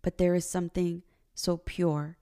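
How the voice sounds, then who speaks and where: A woman's voice: fairly low pitch, flat delivery, unhurried, dark tone, clean tone. A woman hosting a podcast, talking in an earnest, confessional way about her marriage and faith, and sometimes getting emotional. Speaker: podcast host. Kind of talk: personal faith podcast monologue.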